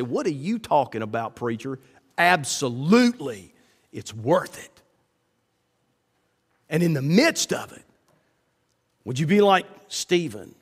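A middle-aged man preaching a sermon as pastor, emphatic, climbing high when he quotes and slowing down to read scripture. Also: big-room sound. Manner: emphatic, rises sharply when quoting, slows to read scripture.

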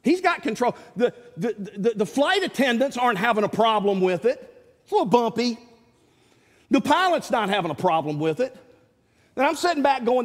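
Male pastor, folksy storyteller, high and lively voice, long hall reverb. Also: a little fast. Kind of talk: sermon.

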